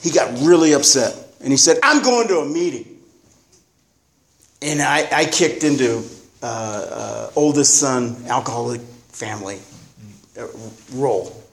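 A man's voice: medium pitch, a little slow, creaky, pauses often. A man telling his own recovery story at a meeting, blunt and rambling, with profanity. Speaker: recovering alcoholic sharing at a meeting. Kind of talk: candid personal testimony.

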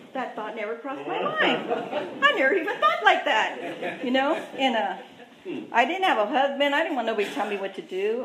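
A woman sharing her own recovery story, candid and self-mocking, chatty with lots of asides. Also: a little high. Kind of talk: personal recovery testimony. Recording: echoey room.

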